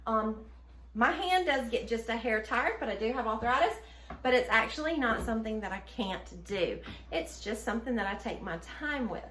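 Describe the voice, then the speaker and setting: A woman's voice: fairly high pitch, animated, moderate pace, a bit bright, roomy sound. A woman with a Southern US accent hosting a casual cooking demonstration of her own baking product, chatty and upbeat with frequent ums and laughs.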